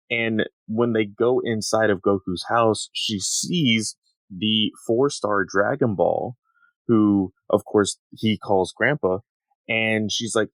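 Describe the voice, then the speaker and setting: A man co-hosting a casual podcast, talking in a relaxed way with many "like" fillers. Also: fairly low pitch, slow pace, no room sound. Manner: relaxed, heavy use of "like". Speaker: podcast co-host.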